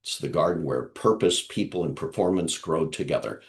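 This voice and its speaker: A man on a video call giving a measured, aphoristic talk on leadership. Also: rumbling low, lively intonation. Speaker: guest speaker on leadership.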